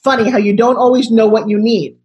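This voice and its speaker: A woman in her sixties, a guest on a video call interview, telling her story in an expressive, dramatic way. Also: fairly high pitch, brisk, highs cut off.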